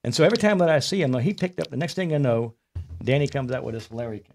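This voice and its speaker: A man's voice: mid-range voice, lively intonation, fast talker, darkish tone, a little hiss or hum. A man telling rambling comic stories in a casual chat, sometimes mimicking other people's voices. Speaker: comedian guest.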